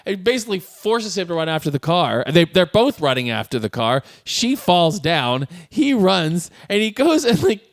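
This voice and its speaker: A man's voice: high-pitched, moderate pace, few pauses, dry recording, studio quality. A man co-hosting a podcast, chatting casually about a film and acting out its lines in playful voices. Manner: animated, acts out movie lines in character voices. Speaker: podcast co-host. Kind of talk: casual chat recapping a film.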